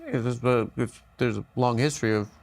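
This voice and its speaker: A man's voice: mid-range voice, a little fast. A man in comedic podcast banter, telling an absurd made-up life story with a straight face. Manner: deadpan, spinning absurd bits.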